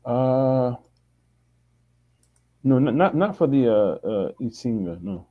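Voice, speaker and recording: A man's voice: medium pitch, animated, slow, narrow, tinny audio. A man who is a language student, answering hesitantly and searching for words.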